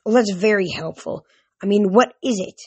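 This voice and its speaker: A brisk, clever teenage girl, read aloud. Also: mid-range voice, a little mellow, husky, no echo, close to an everyday voice.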